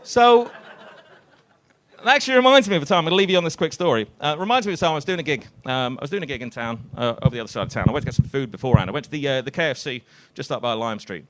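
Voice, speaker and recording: A man doing stand-up in a comedy club, speaking into a handheld mic. His voice sits a touch higher than most men's, and he delivers his stories in a dry, deadpan way with plenty of swearing. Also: rapid-fire. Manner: deadpan, swearing, self-deprecating storytelling.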